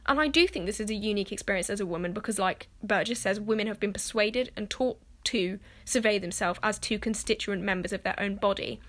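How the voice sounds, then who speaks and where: A woman's voice: medium pitch, fairly quick, hardly any pauses, a bit bright. A young woman, talking casually to camera and filling her speech with "like," cursing freely. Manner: chatty, swears freely, fills speech with "like".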